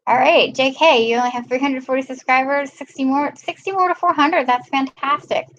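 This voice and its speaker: A chatty woman hosts a casual live stream and greets her viewers one by one. Her voice sits a little high. The audio is dull and lo-fi. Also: fairly quick, a bit bright. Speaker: live-stream host filling in.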